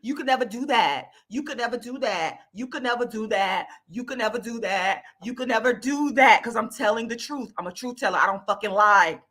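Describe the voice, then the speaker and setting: Bright-voiced woman ranting on camera. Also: a little high, a little fast, hardly any pauses. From Florida, US. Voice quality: loud, profane, repetitive emphatic delivery. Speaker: YouTube channel host. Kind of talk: angry direct-to-camera rant.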